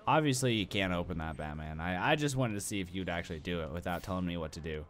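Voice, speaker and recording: A man's voice: low voice, lively intonation, fast talker, a little hiss or hum. A young adult man giving let's play commentary, rambling and self-mocking and talking back to the game. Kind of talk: gaming commentary.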